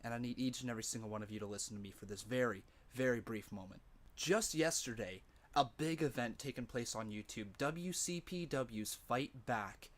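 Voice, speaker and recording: A man's voice: medium pitch, normal speed, fairly bright tone. A man narrating his own casual YouTube video, earnest at times and joking around at others.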